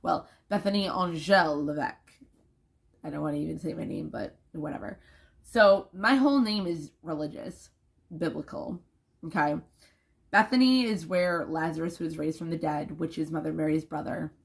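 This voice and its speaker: A woman's voice: deep voice, normal speed, creaky. A young woman talking casually to camera in a rambling, emphatic vlog, swearing freely.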